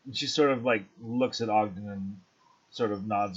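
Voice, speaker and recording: A man narrates a tabletop game as the game master, pausing often and circling back mid-sentence. His voice is husky. The recording sounds dull and lo-fi. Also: on the low side. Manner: halting, filler-laden narration.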